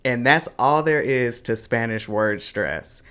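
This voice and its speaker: Male online language teacher, upbeat sign-off, smooth resonant voice. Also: medium pitch, lively intonation, takes it slowly, a bit bright. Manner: upbeat lesson wrap-up, mixing in words of another language.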